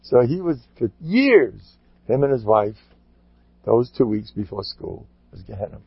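Gravelly animated rabbi storytelling. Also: male voice, medium pitch, unhurried, no echo. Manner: animated, acts out quotes, mixes in Yiddish and Hebrew words. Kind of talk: storytelling Torah talk. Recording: dull lo-fi recording.

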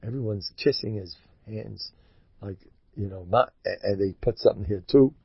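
A man giving a sermon, telling stories in a rambling, animated way. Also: lowish voice, moderate pace, creaky, husky, no echo. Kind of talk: sermon with storytelling. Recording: dull lo-fi dry recording.

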